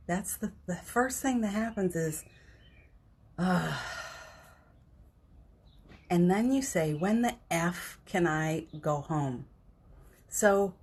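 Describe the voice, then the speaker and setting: A woman hosting a live spiritual talk show, gentle and candid, reading viewer comments aloud and getting teary. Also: fairly low pitch, slightly rough. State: teary, emotional. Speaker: host of a spiritual morning show.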